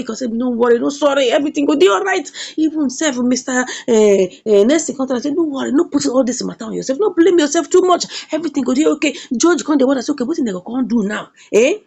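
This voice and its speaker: A Nigerian woman reviewer recaps a comedy series in a casual, animated way. Her high voice leaps all over the place, with a gravelly fry at the ends of phrases. She repeats herself for emphasis and keeps checking in with "eh?". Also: quick pace, muffled recording.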